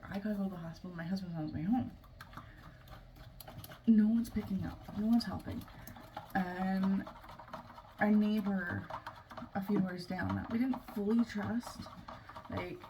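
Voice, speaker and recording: A young adult woman telling a family story in a casual, halting way, with many fillers and restarts. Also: medium pitch. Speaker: family vlogger. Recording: noisy room, mic at a distance.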